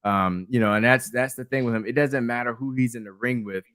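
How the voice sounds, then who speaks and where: A man co-hosting a wrestling review podcast, relaxed and chuckling, talking through matches with lots of fillers. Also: mid-range voice, clean tone, no echo, clean studio sound. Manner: relaxed, laughing, halting with fillers. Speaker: podcast co-host. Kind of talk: casual wrestling review chat.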